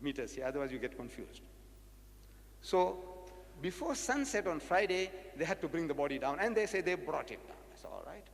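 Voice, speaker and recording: Animated South African man lecturing, lively pitch. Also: normal speed, gravelly. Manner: animated, rhetorical, repeats phrases for emphasis. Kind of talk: public lecture. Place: lecture hall. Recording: echoey lecture hall.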